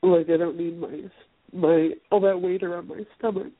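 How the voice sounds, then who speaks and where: A woman taking part in a guided session, speaking softly and hesitantly, full of pauses and restarts. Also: fairly low pitch, fairly even intonation, husky, no room sound. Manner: hesitant, soft, many fillers and restarts. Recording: tinny phone-line sound, dry.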